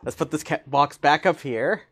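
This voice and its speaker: A woman explaining a math idea in a casual, chatty lesson, laughing often and getting excited as she goes. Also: low-pitched, moderate pace. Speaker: teacher.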